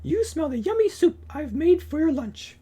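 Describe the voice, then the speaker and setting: A man puts on a bossy giantess for a storybook reading, in a high falsetto that leaps up and down. Her voice is mellow rather than sharp, and she scolds in every line. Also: sing-song, normal speed. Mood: scolding. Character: stern giant woman, housewife guarding her kitchen. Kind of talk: storybook read-aloud.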